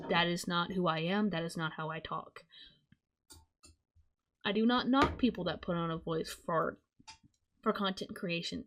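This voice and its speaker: A young woman from the Southern United States giving live-streamed commentary, her voice strained from hours of talking, rambling and correcting herself as she goes. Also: lowish voice. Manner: rambling, self-correcting, casual. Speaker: streamer commenting on online drama.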